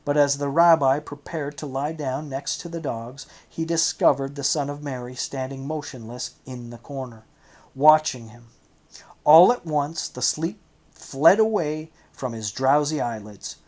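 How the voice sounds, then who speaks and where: A man narrating an audiobook in a measured, steady storytelling manner. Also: medium pitch, poor audio. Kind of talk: scripted narration.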